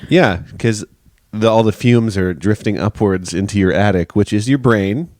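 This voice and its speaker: Joking low-voiced man co-hosting a podcast. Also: moderate pace. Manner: joking, animated, jumps up in pitch when excited. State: morning voice. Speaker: podcast co-host. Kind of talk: casual chat.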